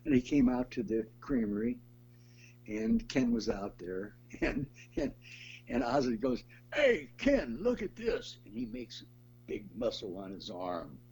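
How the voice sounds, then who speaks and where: An older man, a guest in a conversational interview, telling stories in an animated way and laughing as he goes. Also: on the low side, measured pace, gravelly, slightly rough. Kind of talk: conversational storytelling.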